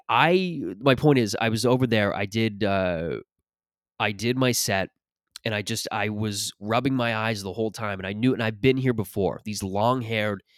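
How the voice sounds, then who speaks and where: A man with a low voice rambles through a casual comedy podcast monologue, swearing freely and restarting his sentences. He sounds slightly short of breath. The recording is dry, with no room echo. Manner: profane, rambling, restarts often. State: short of breath after an allergic reaction. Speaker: podcast host and stand-up comic.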